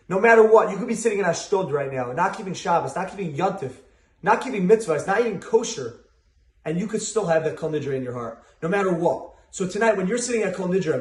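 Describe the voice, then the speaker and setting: A young man tells a story in a casual, rushing way, mixing Hebrew and Yiddish words into his speech. His voice sits a bit high. The room around him rings with echo. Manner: fast, animated telling with Hebrew and Yiddish terms. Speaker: storyteller giving a holiday message.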